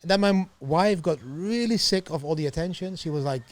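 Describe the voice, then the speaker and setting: Guy, middle-aged, guest on a podcast, lively storytelling, slightly high voice. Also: fairly quick. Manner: animated, laughs often, acts out quoted voices. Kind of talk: storytelling interview.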